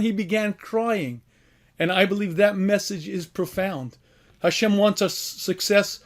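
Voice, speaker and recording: A man giving an inspirational sermon as a rabbi at a yeshiva event, telling a story, acting out the quoted voices and often clearing his throat. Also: high voice.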